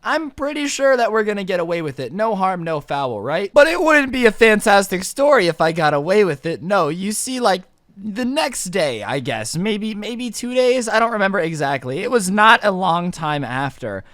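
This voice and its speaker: A young man telling a funny childhood story in a casual, animated way, with slangy asides and frequent laughs. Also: sits high, moderate pace, dry recording, studio quality.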